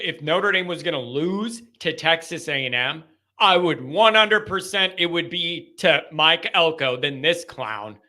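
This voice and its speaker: A man's voice: fairly high pitch, bright, forceful tone. A man hosting a live call-in sports talk show, talking bluntly and ranting heatedly. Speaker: show host.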